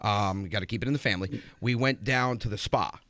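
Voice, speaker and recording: A young man, a comedian guest, telling loud teasing stories and joking banter on a morning radio show. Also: on the low side, brisk, no echo. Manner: animated, teasing, voices people in his anecdotes.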